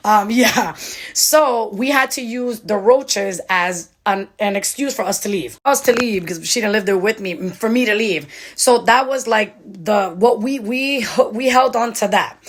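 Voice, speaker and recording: A woman's voice: medium pitch, a little slow. Chatty young woman telling a story. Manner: animated, mimics others' voices in quotes. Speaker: vlogger. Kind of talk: casual storytime.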